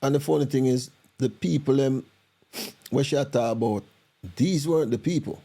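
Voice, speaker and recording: A man with a thick Jamaican accent hosts a reaction video, his voice mellow and dark-toned. He talks in animated patois, repeats himself and restarts his sentences as he chimes in on the clips. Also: mid-range voice, normal speed. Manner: animated, repetitive, patois-heavy talk with restarts. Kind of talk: casual commentary.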